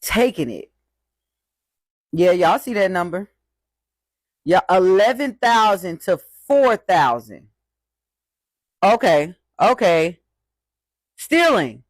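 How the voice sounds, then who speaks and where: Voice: mid-range voice, big pitch swings, slow, long pauses, no echo. A speaker giving casual commentary, reading out statistics and mocking each figure.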